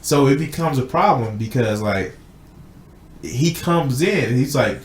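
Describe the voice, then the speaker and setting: Male podcast host, casual chat, lively swings in pitch, swears freely and acts out quotes, echoey room. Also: slow, a little hiss or hum. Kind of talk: casual chat retelling a film plot.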